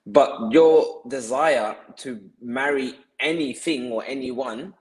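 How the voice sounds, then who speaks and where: A man's voice: mid-range voice, takes it slowly, a little mellow, poor audio. A man who is a guest on a podcast, explaining earnestly and often restarting and repeating words as he works through his point.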